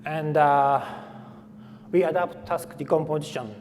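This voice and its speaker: A man giving a technical conference talk, speaking haltingly with frequent fillers and restarts. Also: on the high side, steady tone, darkish tone. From Japan. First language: Japanese. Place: conference hall. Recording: faint hall reverb, light room noise.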